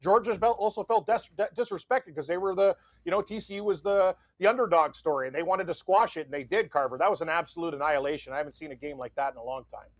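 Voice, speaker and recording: A man's voice: a little high, fast, hardly any pauses, no room sound. A man co-hosting a sports betting show, talking enthusiastically and agreeing eagerly. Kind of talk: casual sports chat.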